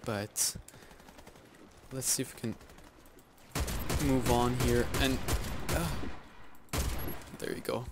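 A man giving live gameplay commentary, excitable and self-mocking, yelping and groaning as he plays. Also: mid-range voice, slow, long pauses, very noisy. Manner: excitable, yelps and groans at in-game deaths; self-mocking, joking asides. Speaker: video game YouTuber. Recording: loud game gunfire under the voice.

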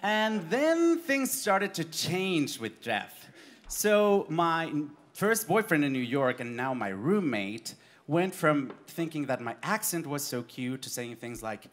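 On a live stage, a man performs autobiographical cabaret storytelling, animated and laughing through his lines. His voice is a little high and his pace slow.

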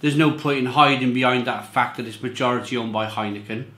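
A man's voice: medium pitch, fairly quick, bright, forceful tone, reverberant. A man reviewing beer in a casual, rambling monologue, often repeating himself and stressing his points.

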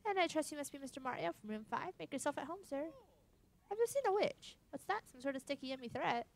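A woman's voice: sits high, animated, fast, creaky, pitched above the performer's own voice. A woman voicing a polite, fussy male train conductor. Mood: courteous. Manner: courteous, fussy.

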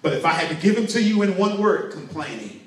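A man delivers a motivational sermon with emphatic, preacherly storytelling. His voice sits a little high for a man. The sound is heavily echoey and picked up from some distance. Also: fast. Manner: emphatic preaching with call-and-response. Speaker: motivational speaker. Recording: very echoey room, distant mic.

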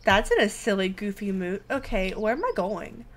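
A woman streamer chatting casually and reacting out loud as she plays a horror game. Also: medium pitch, animated, moderate pace. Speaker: gaming streamer. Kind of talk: casual let's play commentary.

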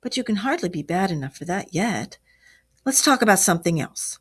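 A woman reading aloud and voicing a male water rat who talks briskly and heartily, fretting over his friend. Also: medium pitch, animated, slightly rough. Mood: hearty, worried. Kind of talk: storybook read-aloud.

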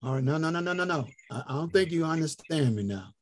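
A man teaching a health ministry group over an online call, slowly spelling out and repeating words as he invites answers. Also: a little high, animated, dry recording, clean studio sound. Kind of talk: interactive online teaching talk.

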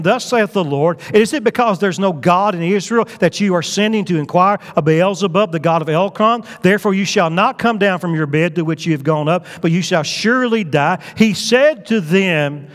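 A male pastor, preaching in a church sanctuary. He drives points home in loud bursts, then drops low and quiet. A long hall reverb trails each phrase. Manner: emphatic preaching, swinging between loud and low. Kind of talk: sermon.

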